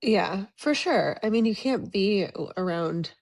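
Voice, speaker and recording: A woman's voice: medium pitch, animated, a little mellow. A woman co-hosting a sports podcast, chatting casually and agreeing readily. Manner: agreeable, quick affirmations. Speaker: podcast co-host.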